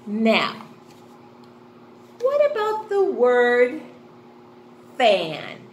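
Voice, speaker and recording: Slow sing-song woman teaching little kids. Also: a little high. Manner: slow, sing-song and excited, gasping with delight. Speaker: kindergarten teacher. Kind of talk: online lesson for young children. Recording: echoey room with faint noise.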